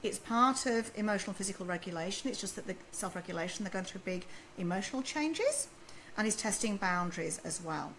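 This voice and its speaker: A woman's voice: mid-range voice, expressive, fairly quick, fairly bright tone, a little hiss or hum, low-quality recording. A woman who works as a baby sleep consultant, answering viewers' questions in a chatty, reassuring way on a live video stream. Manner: reads questions aloud and advises in a chatty, reassuring way.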